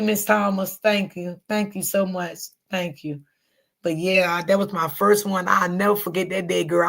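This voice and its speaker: Middle-aged woman, gravelly voice, low-pitched, casual livestream chat, reads comments aloud. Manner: chatty, talks straight to viewers. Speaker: livestream host.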